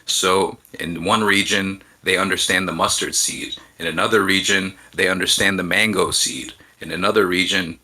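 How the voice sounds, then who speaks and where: A man speaking as a guest on a live show, giving measured, reflective answers with frequent pauses and restarts. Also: low-pitched, fairly even intonation, bright, forceful tone, rough recording. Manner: hesitant, with frequent ums and restarts.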